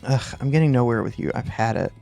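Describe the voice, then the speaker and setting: A man doing a frustrated, loyal old employee in a game, exasperated and raising his gravelly voice. Faint music runs behind him. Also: medium pitch, fast, dark tone, natural voice. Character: upset loyal older male employee.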